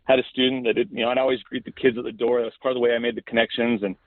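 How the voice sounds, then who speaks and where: A man's voice: medium pitch, little pitch movement, rapid-fire, no room sound. A middle-aged man, a school principal, telling a story in a casual podcast interview, earnest and often restarting his phrases. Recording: thin phone-like line.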